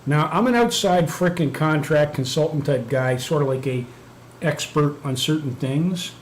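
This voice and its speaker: A man's voice: fairly high pitch, moderate pace. A man hosting a live stream, chatting casually and telling a profane story while muttering over his computer work. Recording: echoey room, faint background noise.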